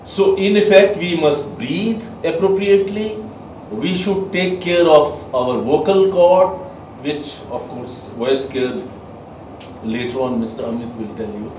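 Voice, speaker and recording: Man, trainer lecturing a class, fairly high voice, recorded from afar in a roomy hall. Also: measured pace, darkish tone, slight background noise. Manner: emphatic, asks the class questions. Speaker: soft skills trainer. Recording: echoey room, mic far off.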